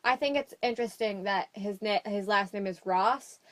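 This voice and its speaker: A woman's voice: mid-range voice, normal speed. Hesitant woman with a mid-range voice. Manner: hesitant, many fillers, wry. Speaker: movie review co-host. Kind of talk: casual chat.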